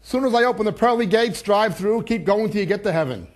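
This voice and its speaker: A man telling a joke as a brisk, matter-of-fact Saint Peter guarding heaven's gate. The voice sits high and gets straight to the point, a plain storyteller's voice rather than a character voice. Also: lightly acted.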